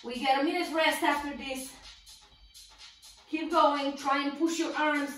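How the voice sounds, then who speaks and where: A woman's voice: high-pitched, steady tone, measured pace, a bit bright, reverberant, recorded from a distance, faint music behind, low-quality recording. A woman fitness instructor coaching a home workout, encouraging and counting down while exercising along, a little out of breath.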